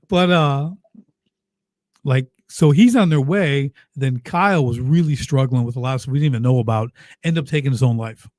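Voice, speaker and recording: Upbeat storyteller man, mellow tone. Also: medium pitch, quick pace, hardly any pauses, dry recording, clean studio sound. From United States. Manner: lively, emphatic storyteller who gets choked up. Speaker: podcast guest, business coach. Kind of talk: casual storytelling in an interview.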